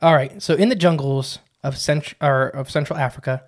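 At a moderate pace, this man co-hosts a casual podcast in a slightly high voice. He rambles conversationally, leaning heavily on "uh" and "like."

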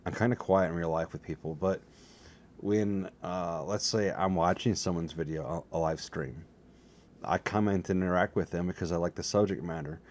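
A slightly hoarse man with a very low, mellow voice talks alone at his desk to his webcam. He rambles from topic to topic, teasing himself in a loose, jokey way. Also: normal speed. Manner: self-mocking, jokey, drifts between topics. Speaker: solo vlogger. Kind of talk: rambling casual monologue to camera. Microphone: desk setup facing a webcam.

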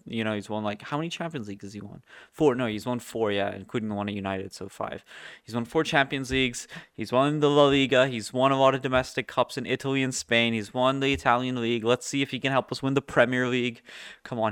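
A man hosting his own football podcast, gushing with excitement, tripping over his words and rambling in his room. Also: mid-range voice, smooth, dry recording, clean studio sound. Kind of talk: excited solo fan chat.

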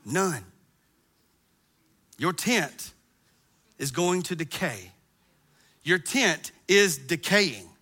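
A middle-aged man preaching a sermon, animated and acting out groans as he tells stories. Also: on the high side, drawn-out words, long pauses. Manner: animated, acts out groans and quotes himself. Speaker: pastor.

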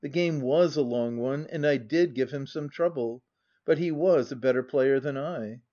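A man narrating a classic novel in an even, measured first-person reading. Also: medium pitch. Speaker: audiobook narrator. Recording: dull lo-fi audiobook recording.

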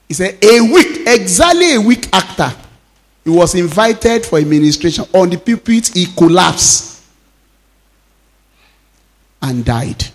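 A high-voiced Nigerian pastor in his fifties preaches like a lively storyteller, laughing often and slipping Yoruba phrases into his English.

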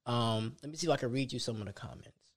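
A man's voice: medium pitch, fast talker, slightly rough, no echo, studio quality. A young man hosting a solo podcast, talking casually and conversationally, often restarting his sentences. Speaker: podcast host.

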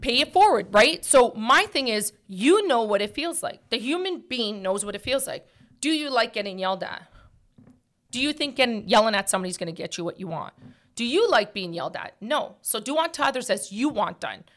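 A woman hosting a talk show, holding forth in a casual, preachy way. Her voice sits a little high, and she leans hard on her points with loose, filler-heavy phrasing. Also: expressive, a little fast, a bit bright. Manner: emphatic, preachy, many fillers.

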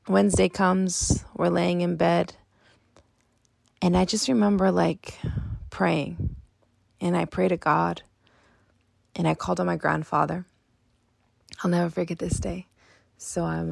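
Young woman, gravelly husky voice, low flat delivery, dry close sound; confessional storytelling. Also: no room sound. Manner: emotional, confessional, drifts into soft whispers. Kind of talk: personal storytelling.

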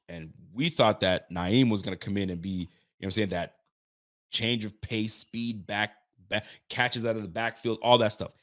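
A young man hosting a sports fan livestream, ranting with animated energy, swearing freely and repeating catchphrases. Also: lowish voice. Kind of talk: casual fired-up sports commentary.

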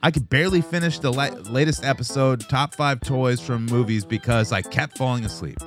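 A man's voice: mid-range voice, a little fast, soft background music, lightly acted. A man voicing a sneering male critic with an exaggerated, mocking delivery.

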